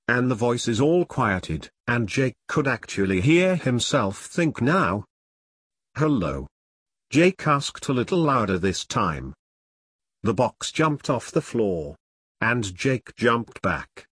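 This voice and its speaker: A man reading a spooky story aloud as narrator, with slow, expressive storytelling. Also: medium pitch, no room sound, clean studio sound.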